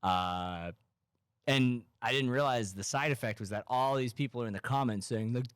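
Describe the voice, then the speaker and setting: A man from Massachusetts hosting a casual comedy podcast, rambling in a deadpan, ironic way with lots of "like". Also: medium pitch, normal speed, smooth, no echo, clean studio sound. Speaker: podcast host.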